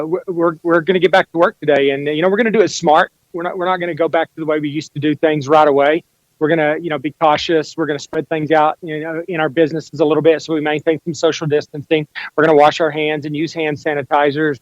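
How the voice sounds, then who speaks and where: A fast, assertive man talking as a guest on a radio show over a muffled remote line. His voice sits slightly high but stays very flat, and the sound is dry. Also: no room sound. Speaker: guest, congressional candidate. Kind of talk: radio interview.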